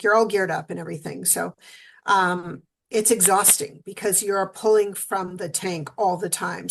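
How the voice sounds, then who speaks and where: A woman speaking as a guest in an interview, telling a personal story with animated energy. She acts out what she and others said along the way. An emotional edge runs through her telling. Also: medium pitch, vocal fry.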